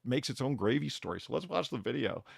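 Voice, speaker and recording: A man hosting a casual chat stream, talking with a gravelly, raspy edge and a pitch that swings widely. He is animated and a little profane, and he acts out quoted lines as he goes. The sound is dry and close. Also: fast talker, dry recording. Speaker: stream host.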